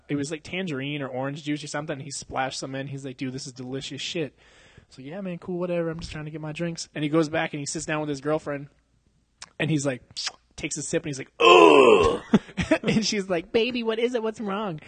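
A man's voice: on the high side, breathy edge, dry recording. A young man telling a long bar story on a podcast, swearing a lot and laughing as he acts out what people said. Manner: laughs often, profane, slangy, acts out quotes. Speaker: podcast host. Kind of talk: casual storytelling. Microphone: handheld mic.

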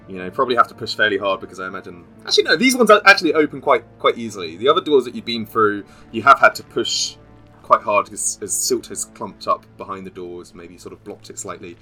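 Brief: man game master narrating, meandering and chuckly, animated pitch, bright tone. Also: fast talker, husky, soft background music. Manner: rambling, self-correcting and laughing often.

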